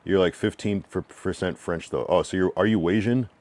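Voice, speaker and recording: Streaming live with no echo, a New England man speaks in a low, somewhat dark voice. He reads his chat out loud and responds frankly, loosely and with lots of slang, musing in a drawn-out way with many fillers.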